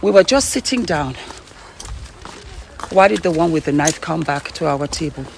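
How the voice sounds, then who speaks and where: A woman's voice: low voice, animated, normal speed, creaky. Woman, out of breath, stammering, repeating words, phone vlog while walking, faint background hiss. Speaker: vlogger. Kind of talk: excited storytelling to camera. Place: walking outdoors on the way home.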